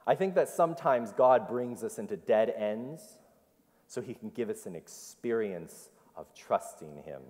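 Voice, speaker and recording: A man's voice: lowish voice, expressive, a little slow, a little mellow. A man preaching an interactive sermon, repeating the congregation's answers and telling the story with animation. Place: church sanctuary. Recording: long church hall reverb.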